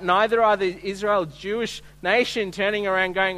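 A man's voice: sits high, fairly even intonation, normal speed, few pauses, pushed and bright, poor audio. A man preaching an earnest, emphatic sermon, acting out quoted voices as he retells a scripture passage.

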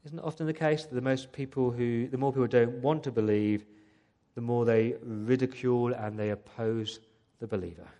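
Earnest preacher asking rhetorical questions. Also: male voice, mid-range voice, fairly even intonation, moderate pace, dark tone. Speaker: pastor. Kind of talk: sermon. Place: church service.

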